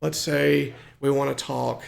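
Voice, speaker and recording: A hobbyist programmer walks through software step by step in a screen-recorded tutorial. His mid-range voice is flat, unhurried, and has vocal fry, and he uses many fillers and restarts.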